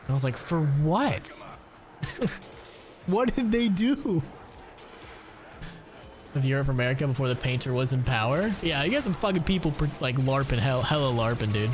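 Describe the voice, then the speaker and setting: A man's voice: medium pitch, fast talker, few pauses. Profane rambling young gamer man. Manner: rambling, profane, laughs often. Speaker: gaming streamer. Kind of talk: casual gameplay chat. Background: background music.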